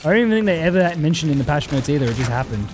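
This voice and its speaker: A young Australian man streaming a game, chatting casually, swearing often and reading chat, over clear background music. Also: a little high, big pitch swings, racing, noisy background. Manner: laid-back, swears often, reads chat.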